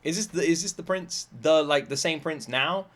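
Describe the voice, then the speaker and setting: A man's voice: fairly high pitch, normal speed, fairly bright tone. A man from Britain reacting casually to a comedy clip, rambling with lots of fillers. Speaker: reaction video host.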